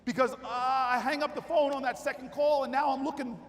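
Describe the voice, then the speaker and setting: A man giving a political convention speech, telling a story that builds to shouted rallying cries. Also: extremely high pitch, steady tone, fairly quick. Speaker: keynote speaker. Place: large convention hall with crowd. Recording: hall reverb with crowd.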